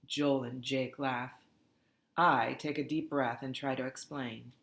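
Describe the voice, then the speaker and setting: A woman reading a first-person children's novel aloud in a measured, earnest way. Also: very deep voice, fairly even intonation, creaky. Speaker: audiobook narrator. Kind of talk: first-person storybook narration. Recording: roomy echoey recording.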